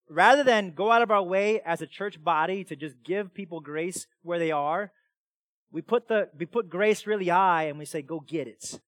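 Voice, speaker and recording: A man preaching a sermon as pastor, animated and emphatic, dropping into quiet asides between loud passages. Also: high-pitched, no room sound.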